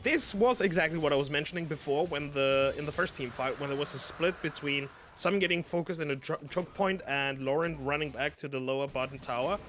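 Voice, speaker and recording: A man's voice: on the high side, brisk, few pauses, a bit bright, a little hiss or hum. German-accented male esports caster. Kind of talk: live esports commentary.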